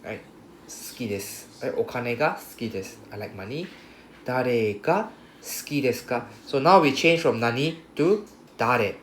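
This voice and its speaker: A man's voice: mid-range voice, expressive, moderate pace, fairly bright tone. Guy teaching a language class, patient, keeps asking right?, echoey room with faint hum. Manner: patient, repetitive, checks understanding with "right?". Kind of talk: classroom grammar explanation.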